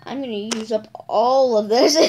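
A woman host giving let's play commentary, excitable, shrieking and yelling at the monsters in her game. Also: a little high, measured pace, a little hiss or hum. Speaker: gaming channel host.

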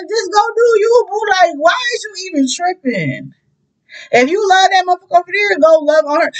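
High-voiced profane woman reading tarot. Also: low-quality recording. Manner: profane, animated, breaks into song. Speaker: tarot reader. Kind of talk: casual tarot reading with singing.

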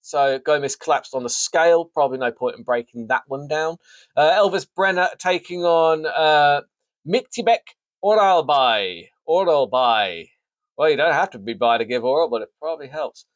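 A man's voice: a little high, fairly quick, no echo, lo-fi sound. A man hosting a sports show, casually previewing a fight card with jokey, rambling, self-mocking asides. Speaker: sports podcast host.

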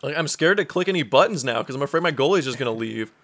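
A man's voice: medium pitch, lively intonation, quick pace, fairly bright tone. Rambling, easygoing man telling stories. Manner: rambling storyteller, laughs easily. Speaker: let's play co-host. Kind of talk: casual gaming banter.

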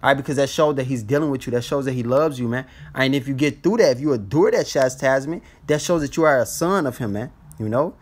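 A man's voice: medium pitch, fast talker, hardly any pauses. A man teaching scripture in a casual, blunt street style, ending almost every phrase with "man". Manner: blunt and profane when exhorting.

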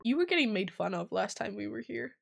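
A woman voicing a boastful, brawny middle-aged male circus pitcher who talks in a swaggering, self-important way. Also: big pitch swings, brisk, vocal fry, soft background music, exaggerated voice. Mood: rueful.

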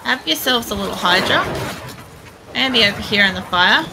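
A woman streamer giving casual, chatty gameplay commentary, swearing freely as she thinks out loud. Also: mid-range voice, expressive, normal speed, creaky, background noise. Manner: chatty and profane, thinking aloud. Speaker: game streamer.

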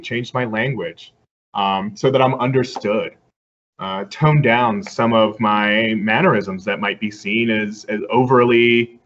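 Here a guest lecturer from Puerto Rico, his voice husky and on the low side, talks earnestly and conversationally in an online session and fields questions with plenty of fillers. Faint background noise sits under slightly dull video-call audio.

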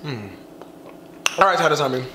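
A man's voice: fairly high pitch, lively intonation, pushed and bright, roomy sound, a little hiss or hum. A young man vlogging a mukbang, sassy and chatty, talking while stuffed full after eating. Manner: sassy, chatty, drawn-out slangy talk. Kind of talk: casual mukbang vlog chat.

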